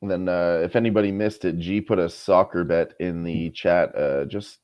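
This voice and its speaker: A man's voice: sits low, fairly even intonation, moderate pace, dry recording, muffled recording. A man co-hosting a betting stream, speaking in a laid-back way with hesitant fillers. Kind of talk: casual chat.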